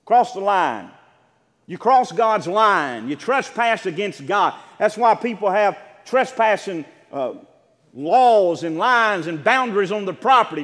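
High-pitched preacher man, emphatic sermon, long hall reverb, asks the crowd questions. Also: lively intonation. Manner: emphatic preaching with rising shouts and drawn-out words; calls out questions to the congregation. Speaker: pastor.

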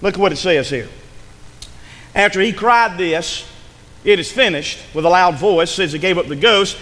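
A man preaching a sermon, dramatic, dropping to a hush and rising to a shout. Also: high-pitched, moderate pace, big-room sound.

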